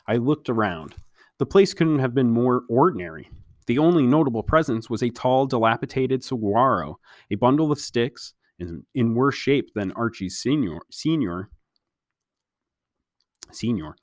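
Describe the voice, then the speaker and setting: A man reading a novel aloud as a storybook reader, in a calm, even narration. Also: medium pitch, moderate pace, no room sound, studio quality.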